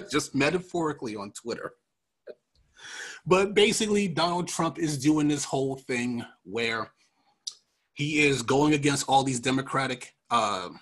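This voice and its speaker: A husky, slightly breathy man from New York hosting a politics podcast. He jokes his way through the week's news, laughs often and wanders into side stories. His voice sits in an ordinary middle pitch. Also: fairly bright tone. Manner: joking, laughs often, rambling asides. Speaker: podcast host. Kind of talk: casual political commentary.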